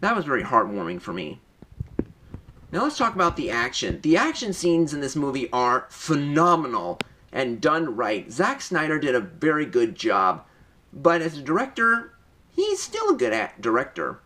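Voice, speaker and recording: An eager young man talks through a movie review in a casual vlog, his pitch swinging lively up and down. His voice is bright and forward, and he rambles, catching himself and restarting mid-sentence. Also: moderate pace.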